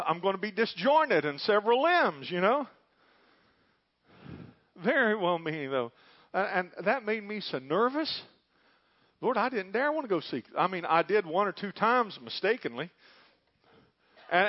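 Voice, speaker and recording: A middle-aged man preaching a sermon, fervent and folksy, dropping to a hush and rising to loud emphasis. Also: high voice. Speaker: pastor. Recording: dull lo-fi recording.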